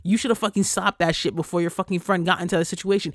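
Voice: medium pitch, fairly even intonation, dry recording, studio quality. Angry profane podcast rant. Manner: heated, profane, fast-cutting rant; frequent cursing and "like" fillers. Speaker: podcast host.

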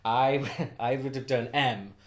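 A man's voice: mid-range voice, takes it slowly. Cheeky camp male podcast host. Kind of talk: casual chat.

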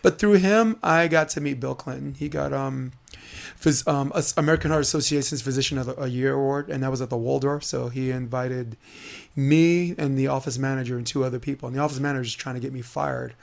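A man's voice: medium pitch, steady tone, a little fast, creaky. A man hosting a podcast, telling stories in blunt, casual talk with frequent swearing. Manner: blunt, swears freely, loose storytelling. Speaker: podcast host. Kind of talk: casual chat.

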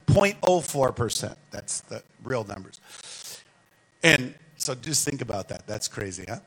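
A man preaching a sermon as guest speaker, animated and calling on the congregation to answer back. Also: mid-range voice, a little slow, husky, rough recording. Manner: animated, calls the congregation to respond.

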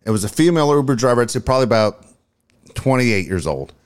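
A middle-aged man co-hosts a podcast in loose, crude casual chat. He laughs through his own stories and swears freely. His voice sits at an ordinary middle pitch. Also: big pitch swings, fast talker, clear, resonant tone. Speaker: podcast co-host.

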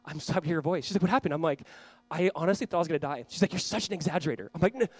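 A man in his thirties from Southern California, preaching a sermon in a conversational storytelling manner, reading scripture loudly and praying quietly. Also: a little high, rapid-fire, dry recording. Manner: earnest, conversational, swings from loud reading to quiet prayer; storytelling with self-deprecating asides. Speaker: pastor.

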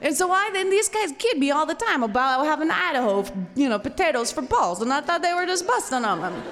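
A man's voice: very high-pitched, big pitch swings, normal speed, fairly bright tone, in a large hall, heavily acted. A woman voicing a friendly male police sergeant who chats apologetically. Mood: amused. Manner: apologetic, chatty.

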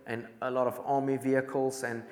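A man's voice: medium pitch, little pitch movement, a little fast, darkish tone. A man preaching a sermon in a church, telling a story with urgency and repeated phrases. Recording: echoey church hall.

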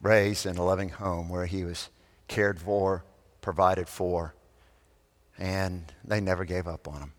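A man preaching a sermon, telling a story that swells loud and then drops to a hush. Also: sits low, steady tone, measured pace. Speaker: pastor. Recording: long reverb of a large hall.

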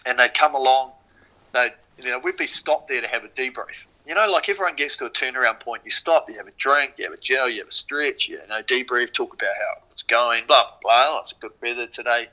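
A man with a New Zealand accent, a podcast guest and former rower, telling stories casually in an animated way, swearing freely and using lots of fillers. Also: mid-range voice, brisk, low-quality recording. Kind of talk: casual storytelling.

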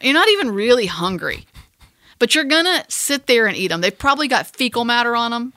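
A woman co-hosting a podcast, talking in loose, rambling casual chat. Her voice is bright and forceful, close and dry with no room around it. She swears freely and pokes fun at herself. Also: a little high, fairly quick, dry recording. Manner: rambling, animated, profane and self-mocking. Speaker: podcast co-host.

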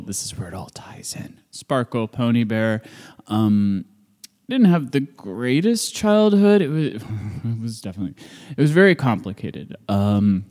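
A man's voice: medium pitch, a little mellow. A young man from rural Iowa telling a personal story in a chatty, self-mocking way, with lots of ums and laughter. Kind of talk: casual storytelling monologue. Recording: long hall reverb.

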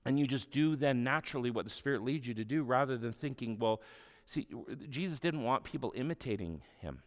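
A man's voice: mid-range voice, lively intonation, brisk. Conversational male preacher in a reverberant hall. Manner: conversational, humorous storytelling. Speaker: pastor. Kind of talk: sermon.

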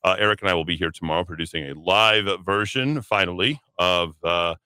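A man rambles through a talk radio segment with a sardonic edge and plenty of fillers. His voice is a little low, bright and clear. The studio sound is dry and close. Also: fairly quick, no room sound. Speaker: radio talk show host.

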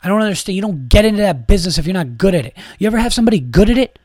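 A man's voice: high-pitched, animated, rapid-fire, darkish tone, dry recording, studio quality. A man hosting a podcast, delivering an exasperated, profane monologue in a casual ranting way. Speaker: podcast host and comedian.

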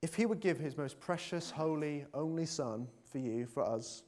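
A man's voice: fairly high pitch, normal speed, a little mellow. A man preaching a conversational sermon in a church, earnest and full of fillers, building to emphatic appeals.

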